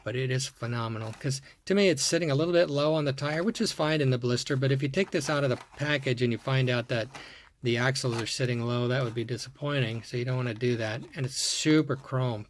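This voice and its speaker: A man with a middle-pitched voice talks casually through a show-and-tell of his collection. He rambles and repeats himself while admiring each piece. A faint hiss sits under the recording. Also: a little fast. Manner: admiring, rambling, repeats words, thinks aloud. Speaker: toy car collector showing a collection.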